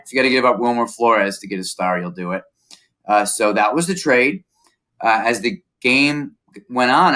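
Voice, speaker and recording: A man's voice: fairly low pitch, sharp tone. A man working as a baseball reporter, recounting events in a casual conversation with a lot of detail and frequent "uh"s.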